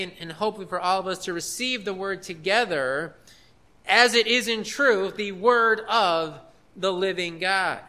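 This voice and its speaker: High, bright-voiced man preaching a sermon. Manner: earnest, emphatic repetition. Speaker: pastor. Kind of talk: expository sermon.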